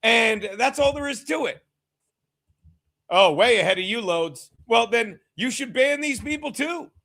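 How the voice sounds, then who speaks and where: A man hosting a casual sports watchalong live stream. He reads chat aloud, laughs a lot, swears freely and sometimes shouts at viewers. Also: extremely high pitch, expressive, measured pace.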